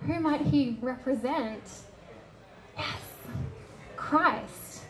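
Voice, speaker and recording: A woman giving a lively, casual public talk on literature, acting out scenes as she goes. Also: sits high, extremely slow, rough recording. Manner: animated, casual, acts out quoted scenes. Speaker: lecturer.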